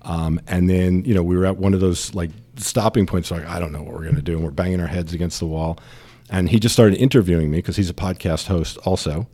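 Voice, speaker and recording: A man's voice: low voice, a little fast, dark tone. A man in his fifties with a New York accent, a guest telling his story in a chatty way with many fillers. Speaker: distillery founder, guest. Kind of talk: casual interview chat.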